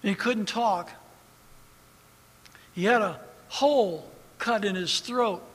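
A male preacher delivering an impassioned sermon, dropping to hushed storytelling and rising to loud preaching. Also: high-pitched, slow pace, slightly rough. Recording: long hall reverb.

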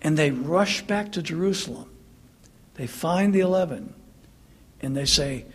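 Male pastor, sermon, husky voice pitched high, chatty and earnest. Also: lively intonation, a little slow, long pauses. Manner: conversational, earnest, mocking asides.

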